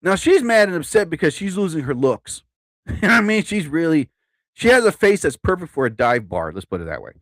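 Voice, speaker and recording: A man's voice: on the high side, very animated, fairly quick, a bit bright, no echo. A man in his fifties telling stories on a live stream in a casual, chatty way, laughing at his own jokes. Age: 50s.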